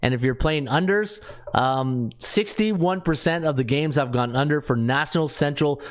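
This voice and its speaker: A man with a slightly high-pitched voice hosts a sports betting show. He talks through his picks casually, thinking out loud and reading numbers off a sheet. His speech is full of relaxed fillers. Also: normal speed. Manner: thinks aloud, reads off stats with frequent fillers.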